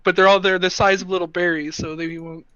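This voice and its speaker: A man's voice: high voice, level tone, fairly quick, bright, forceful tone, smooth, no room sound. A man playing a tabletop game, chatty and laughing, often hesitating mid-sentence. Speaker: player. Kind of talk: casual tabletop game play. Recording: dull, dry, lo-fi mic.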